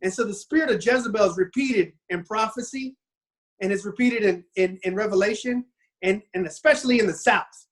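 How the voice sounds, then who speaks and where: A man's voice: sits high, brisk. A man on a casual podcast retelling a Bible story, often restarting his sentences and acting out the quotes. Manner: rambling storyteller, frequent restarts and acted quotes.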